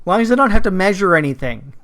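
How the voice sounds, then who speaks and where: A man's voice: sits high, big pitch swings, fast talker, fairly bright tone. A male interviewer chatting casually, laughing along and adding short quips. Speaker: interviewer host.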